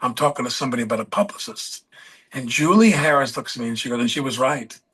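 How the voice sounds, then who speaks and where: A man as a podcast guest, telling rambling anecdotes and pausing to search for names mid-story. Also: mid-range voice, fairly bright tone, husky.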